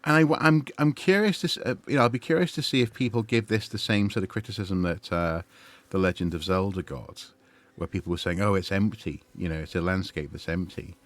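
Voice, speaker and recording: Deep-voiced chatty streamer. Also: male voice, brisk, hardly any pauses. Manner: chatty, digressive, many fillers and restarts. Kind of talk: gaming livestream commentary.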